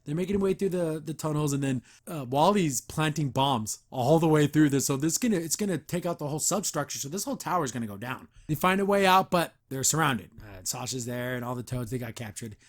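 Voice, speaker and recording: A man's voice: on the high side, a little fast, hardly any pauses. A man hosting a podcast, casually recapping an episode and acting out the characters' lines. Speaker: podcast host.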